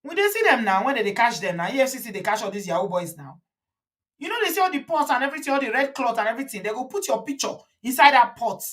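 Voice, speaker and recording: A woman's voice: a little high, very animated, fast talker. A woman with a Nigerian accent, hosting a casual live stream, reading viewer comments aloud and slipping into pidgin and Yoruba. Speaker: host.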